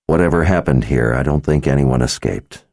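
A grim, determined hero, read by a male audiobook narrator close to his own voice, firm and resolute. His tone is low and dark, and the recording is dry and close. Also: moderate pace, dry recording. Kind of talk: audiobook character voice.

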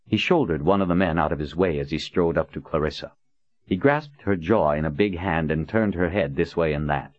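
Deep-voiced male audiobook narrator. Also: fairly quick, no echo. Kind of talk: scripted narration. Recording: dull, dry lo-fi recording.

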